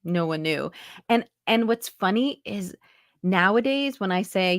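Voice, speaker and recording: A woman's voice: mid-range voice, animated, unhurried, no echo, clean studio sound. An American woman in her forties from New York, a chatty accent coach on a video call who keeps dropping into voices to show them. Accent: American, light Texas coloring over New York. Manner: chatty, full of "like", slips into voices to demonstrate. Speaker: interview guest, accent coach. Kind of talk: casual interview.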